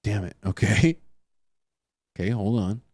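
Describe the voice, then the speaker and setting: A man's voice: on the low side, fairly even intonation, measured pace, gravelly, a little mellow, no room sound. A man hosting a casual livestream, laughing and muttering to himself as he sorts out his monitors. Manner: laughing, muttering to himself while fixing tech. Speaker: livestream host.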